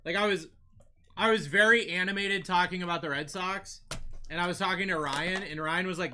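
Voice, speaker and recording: A young man with a New England accent runs a live card-break stream, reading out player names and chatting with his viewers in a lively way. His voice sits high for a man, and its tone is strikingly bright and sharp. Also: normal speed, slight background noise. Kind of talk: live-stream chat while opening cards.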